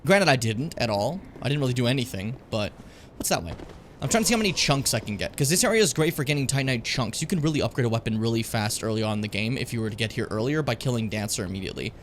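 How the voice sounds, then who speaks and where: A man's voice: mid-range voice, expressive, fast, slight background noise. A young man from Edmonton, Canada, rambling and joking as he plays a video game, swearing often. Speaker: streamer. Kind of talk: casual gameplay commentary.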